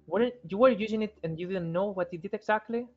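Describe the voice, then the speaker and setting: Player casting: high-pitched man, playful banter, dull lo-fi sound, faint music. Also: fast talker. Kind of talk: casual tabletop chat.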